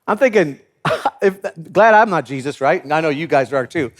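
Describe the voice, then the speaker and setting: Male pastor, sermon delivery; high voice, very expressive swings in pitch, playful and chuckling. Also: normal speed. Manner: animated, acts out biblical characters with comic voices; laughs often while preaching.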